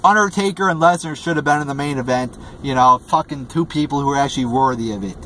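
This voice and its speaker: Male reviewer: exasperated, foul-mouthed ranter, mid pitch, faint noise behind. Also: fast, sharp tone. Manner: profane and exasperated, heavy swearing, many fillers and restarts. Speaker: wrestling show reviewer. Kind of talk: ranting video review.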